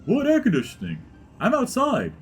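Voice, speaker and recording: A man's voice: very high-pitched, wildly swooping pitch, normal speed, faint music behind, voice pushed up, full character voice. A man voicing a panicky older carnival barker who is a fussy father, talking in a fretful, whiny, raised voice.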